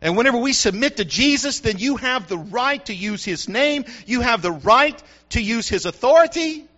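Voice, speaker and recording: A man's voice: very high-pitched, lively intonation, moderate pace, pushed and bright. A middle-aged man, a pastor, preaching a sermon with call-and-response asides to the congregation. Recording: dull lo-fi sound.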